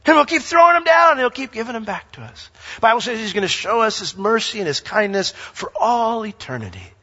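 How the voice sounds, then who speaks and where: High bright preacher guy, animated, acting out bits mid-sermon, long hall echo, kinda muffled. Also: brisk. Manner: animated, acts out dialogue and reads scripture aloud. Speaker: pastor. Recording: lo-fi sound with long hall reverb.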